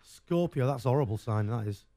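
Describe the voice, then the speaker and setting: A man's voice: medium pitch, lively intonation, a little fast, warm tone, no room sound. An English man hosting a radio show, chatting casually with rambling, jokey banter.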